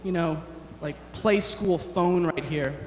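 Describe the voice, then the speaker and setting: A young man performing a rambling, self-deprecating stand-up set, halting often with fillers. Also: fairly high pitch, a little mellow, reverberant, in a large hall. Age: young adult. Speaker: stand-up comedian. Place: large chapel hall on stage.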